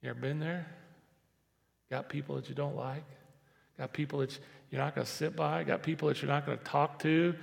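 A man's voice: on the high side, fairly even intonation, fairly quick, vocal fry, long reverb tail. A man preaching a sermon as pastor in a church sanctuary, conversational and repetitive, rising to emphatic stress.

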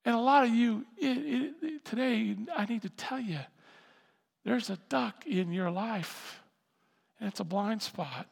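A man preaching a sermon as pastor, animated, repeating words as he builds to loud emphasis. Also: high voice, normal speed, gravelly. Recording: reverberant hall sound.

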